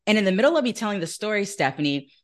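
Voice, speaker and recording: A woman guest on an interview podcast, telling a personal faith story in an earnest, animated way and acting out the voices she quotes. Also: medium pitch, rapid-fire. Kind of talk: conversational testimony in an interview.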